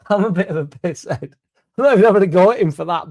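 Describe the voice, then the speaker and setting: A man's voice: high-pitched, a little fast, darkish tone. A young man, hosting a casual fan-channel live chat, a bit drunk, rambling and swearing freely, laughing between lines.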